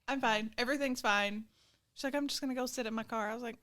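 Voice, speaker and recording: A woman's voice: on the high side, fast. A woman co-hosting a casual podcast chat, telling stories and acting out both sides of a conversation. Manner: animated storyteller, acts out quoted talk. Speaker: podcast co-host, youth leader.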